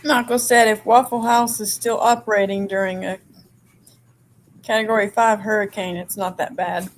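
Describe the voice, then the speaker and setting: A woman, co-hosting a fishing stream outdoors and reading viewer comments aloud in an unhurried way. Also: medium pitch, fairly even intonation, slight background noise, low-quality recording. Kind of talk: casual chat. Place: outdoors on a river.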